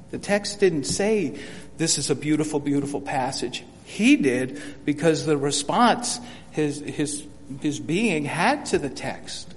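An older man teaching a Bible study in a folksy, conversational way, often repeating words and acting out the lines he quotes. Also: on the high side. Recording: reverberant hall with faint hum.

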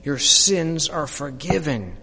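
A man voicing a calm, commanding male teacher in a slow, hushed, solemn way. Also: on the high side, slightly rough, voice pushed down, heavily acted. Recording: long hall reverb.

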